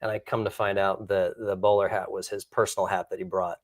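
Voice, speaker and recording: A middle-aged man, an actor and guest, telling a rambling, self-mocking anecdote in a casual, animated way. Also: low voice, fairly quick, dry recording. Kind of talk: casual storytelling.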